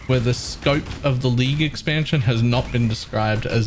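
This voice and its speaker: A man's voice: medium pitch, normal speed, few pauses, background noise. A man chatting casually while live-streaming a game, wry and ranting, repeating lines for emphasis.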